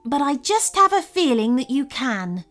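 A woman's voice: high voice, big pitch swings, normal speed, fairly bright tone, soft background music, pitched above the performer's own voice. A woman voicing a cheerful, helpful male Christmas elf in a storybook reading, eager and pleading. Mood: coaxing. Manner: eager, pleading, a little mysterious.

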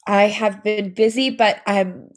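A woman's voice: mid-range voice, unhurried. Chatty joking podcast co-host woman. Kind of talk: casual chat.

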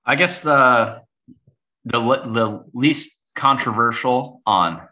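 A man's voice: medium pitch, slow pace, pushed and bright. A man co-hosting a casual podcast chat with sarcastic jokes, heard through a built-in mic. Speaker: podcast co-host. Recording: dull lo-fi sound from a built-in mic.

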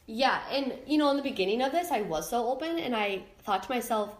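With a fairly high, animated voice, she talks briskly and with few pauses. She's a young adult podcast guest sharing her life story candidly and emotionally, frequently starting over and searching for the right words, in a room with an echoey sound.

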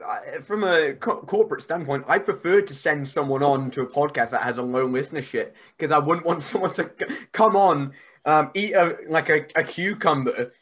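A man, a podcast guest, telling stories in a rambling, animated way. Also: fairly high pitch, normal speed. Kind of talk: casual podcast chat.

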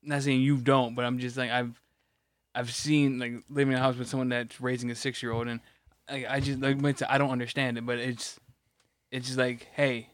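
A man rants on a podcast in a rambling way, stopping and restarting his sentences and swearing often. His pitch is average. The sound is close and dry. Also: level tone, brisk, a bit bright, no room sound. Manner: rambling, restarts a lot, profane rant. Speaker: podcast co-host. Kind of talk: casual ranting chat.

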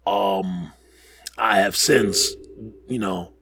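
A man's voice: sits low, drawn-out words, gravelly, slight background noise. A man hosting a podcast in casual chat, rambling and joking while getting over the flu. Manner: animated, rambling, jokey asides. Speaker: podcast host.

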